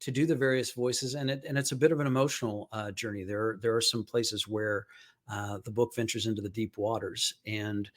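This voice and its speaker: A man's voice: on the low side, fairly even intonation, brisk. A man guesting on a podcast as a business coach, talking reflectively in casual chat.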